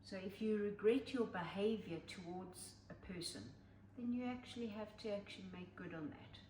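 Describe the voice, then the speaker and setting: An older woman co-hosting a podcast in casual chat, giving advice in a measured way with homely images. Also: mid-range voice, mellow. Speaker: podcast co-host. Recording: roomy, distant mic, faint noise.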